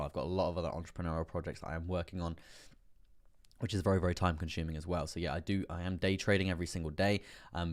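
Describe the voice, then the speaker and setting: A man hosting a live trading stream, chatty and rambling with many fillers, laughing often and getting excitable as prices move. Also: sits low. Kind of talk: live stream market commentary.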